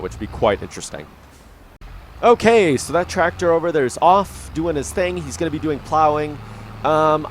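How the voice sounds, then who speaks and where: A man's voice: medium pitch, a little hiss or hum. A man giving rambling, easygoing commentary while playing a farming video game, with frequent ums and the hiccups. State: has the hiccups. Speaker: gaming YouTuber. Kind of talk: casual gameplay commentary.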